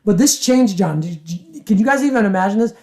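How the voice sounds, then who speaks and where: A woman co-hosting a podcast, telling an anecdote in animated, casual chat and swearing freely. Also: medium pitch, brisk. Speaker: podcast co-host.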